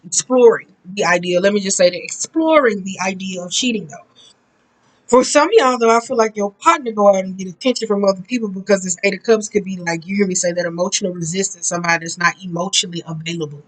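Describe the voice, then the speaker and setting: A woman's voice: mid-range voice, fast talker, rough recording. A woman giving a casual tarot card reading, talking bluntly and profanely in a chatty, rambling way. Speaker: tarot reader.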